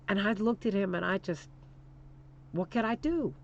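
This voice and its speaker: Woman, talk radio host, impassioned, emphatic repetition, muffled lo-fi audio, mid-pitched voice. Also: expressive, moderate pace, dark tone, slight background noise. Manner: emphatic, preacher-like repetition, addresses listener as "honey".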